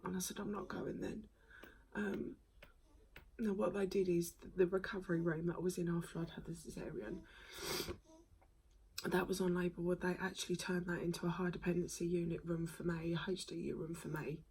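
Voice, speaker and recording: A woman in her thirties tells her story to the camera, speaking softly and haltingly, with many pauses and ums. Her voice often sinks to a breathy whisper and carries a slight gravelly edge. A faint hiss runs underneath. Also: lowish voice, rough recording. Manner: soft-spoken, halting, with many ums and frequent whispery stretches. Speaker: vlogger.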